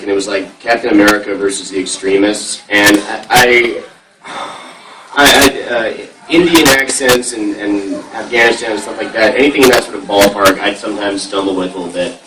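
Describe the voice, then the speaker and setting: A man on a convention panel, a voice actor, telling anecdotes with lively energy, laughing often and stumbling over his words. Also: lowish voice, fairly quick. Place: large convention hall. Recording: echoey hall, far off, loud hiss.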